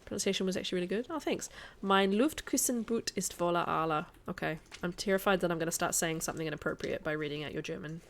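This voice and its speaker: A woman's voice: fairly low pitch, racing, few pauses. Chatty woman streaming a game. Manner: chatty, answers chat, laughs often. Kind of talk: casual live-stream chat while playing.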